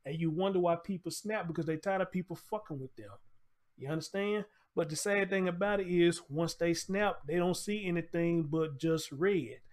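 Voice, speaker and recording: A man's voice: a little high, moderate pace, darkish tone. A man hosting his own commentary show, ranting bluntly and heatedly, swearing and repeating himself. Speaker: show host. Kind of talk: profane commentary rant.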